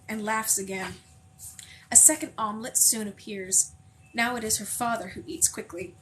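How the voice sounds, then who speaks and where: A woman reading a novel aloud, measured and unhurried, lingering on vivid images. Her voice sits a bit high, and faint background noise hums beneath the recording. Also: steady tone, fairly bright tone, poor audio. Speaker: audiobook reader.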